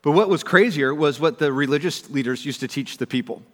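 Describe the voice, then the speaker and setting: Conversational pastor preaching in a reverberant hall. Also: male voice, on the high side, brisk. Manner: conversational, swings from loud to hushed. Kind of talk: sermon.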